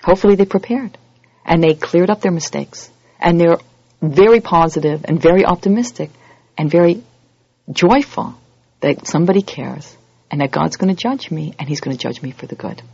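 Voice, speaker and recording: A religious teacher giving a holiday sermon to a congregation, lively and acting out everyday scenes in other voices. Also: mid-range voice, normal speed, gravelly, slightly rough, no echo, muffled recording.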